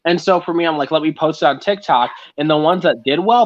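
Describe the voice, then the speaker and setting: A man's voice: fairly high pitch, fairly quick, hardly any pauses. A young man chatting casually on a live stream, rambling and poking fun at himself as he tells stories. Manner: rambling, self-mocking, animated storytelling. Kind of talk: casual chat. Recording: muffled lo-fi call audio.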